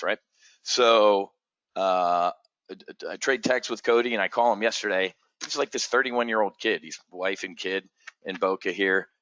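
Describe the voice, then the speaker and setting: Animated man telling a story with a bright, forceful voice. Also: dry recording, muffled recording. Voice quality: animated, swears freely, acts out others' voices in high pitch. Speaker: trading community host. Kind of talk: casual storytelling monologue.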